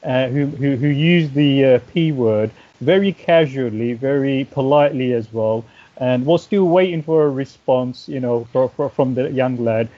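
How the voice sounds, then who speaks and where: Man, husky mellow voice, measured and relaxed, casual live-stream chat, dull audio. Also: mid-range voice, dry recording.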